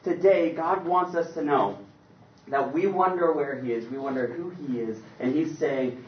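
A man preaching a sermon in an animated, conversational way with playful asides. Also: mid-range voice, normal speed, slight background noise. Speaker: pastor. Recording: roomy, distant, dull sound.

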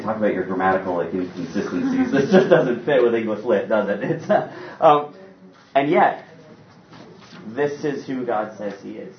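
A man's voice: on the low side, moderate pace, a little hiss or hum. Man preaching in a roomy hall. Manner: animated, conversational preaching with playful asides. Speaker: pastor. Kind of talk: sermon. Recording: roomy, distant, dull sound.

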